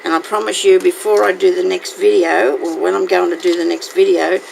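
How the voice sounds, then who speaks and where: A woman's voice: on the low side, level tone, fairly quick, vocal fry, a little mellow. A woman hosting a casual crafting tutorial, chatting to her viewers and talking to herself as she works. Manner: chatty, talks to herself while working. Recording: noisy home recording.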